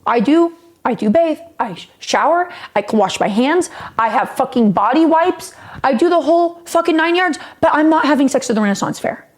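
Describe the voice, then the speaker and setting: A woman's voice: sits high, lively intonation, normal speed. A woman streamer telling a rambling story in a casual, profane way, often laughing.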